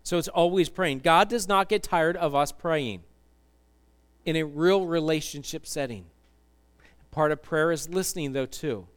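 A man's voice: a little high, measured pace, smooth. A man preaching a sermon to a congregation, chatty and joking, then building to fervent emphasis. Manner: conversational, jokey, rising to fervent emphasis. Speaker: pastor.

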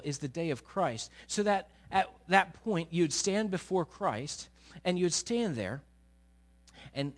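Male pastor, high voice, storytelling sermon that swings from soft murmurs to forceful peaks. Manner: storytelling, drawing on a board as he preaches; drops to a low murmur while telling a story, then rises forcefully.

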